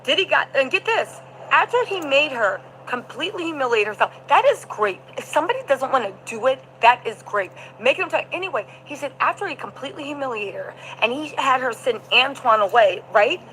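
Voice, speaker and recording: Emphatic woman streamer, bright high voice, faint hum behind. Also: a little fast, poor audio. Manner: animated, emphatic, talks to chat. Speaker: vlogger recapping a trial. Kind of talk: livestream commentary.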